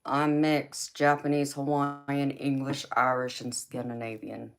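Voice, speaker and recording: A woman's voice: a bass voice, flat delivery, a little slow, a little hiss or hum. A young woman with a Southern drawl chatting casually with her livestream viewers, reading their comments aloud. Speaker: livestream host. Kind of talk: casual chat with live viewers.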